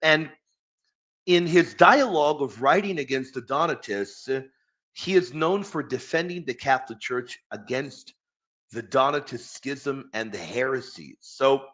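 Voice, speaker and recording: A man's voice: medium pitch, unhurried, fairly bright tone. A man hosting a live stream, chatting casually and enthusiastically with viewers and reading quotes aloud.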